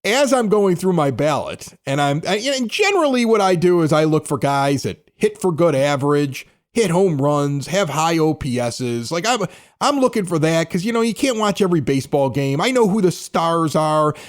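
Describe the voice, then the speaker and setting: A man's voice: fairly high pitch, lively intonation, moderate pace. A man co-hosting a sports podcast, chatting casually and laughing often. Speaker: podcast co-host.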